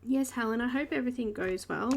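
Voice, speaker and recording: A woman's voice: on the high side, fast talker, creaky, a little hiss or hum. A woman with an Australian accent hosting a live coloring stream, chatting casually while she explains each step and greets viewers by name. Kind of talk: live art tutorial narration.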